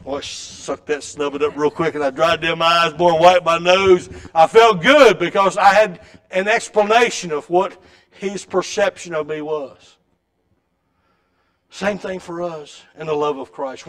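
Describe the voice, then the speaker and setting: A middle-aged man preaching a sermon in a church, with a folksy storytelling way that swings between loud and soft. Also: fairly high pitch, normal speed. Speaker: pastor. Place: church sanctuary.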